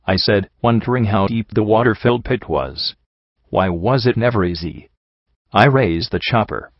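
A man with a fairly low voice narrating a first-person audiobook, reading in a steady, even way. The recording is dull and dry, with no room sound. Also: normal speed, dry recording.

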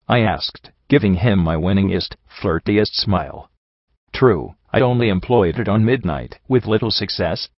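A man reading a fan fiction story aloud in an even, wry storytelling manner. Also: fairly low pitch, measured pace, dry recording, muffled recording. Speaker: audiobook reader. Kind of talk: fan fiction audiobook narration.

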